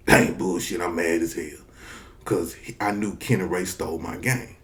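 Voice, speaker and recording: A man telling a comic story from his childhood, profane and animated, acting out the people in it. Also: sits low, moderate pace. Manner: profane, animated, acts out characters. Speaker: comedian storyteller.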